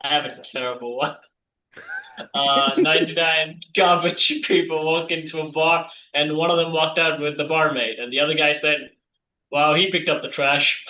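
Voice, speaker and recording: A man's voice: a little high, very animated, normal speed, sharp tone. A man sheepishly telling an improvised bar joke in an online comedy game. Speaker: improv player. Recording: lo-fi echoey room.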